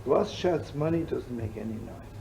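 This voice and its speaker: A man's voice: mid-range voice, expressive, normal speed, creaky. A man, a rabbi, telling stories in a live sermon, rambling and playful with asides, laughter and Yiddish words. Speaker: rabbi and storyteller. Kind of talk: storytelling sermon to a live audience. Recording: old live recording with loud hiss.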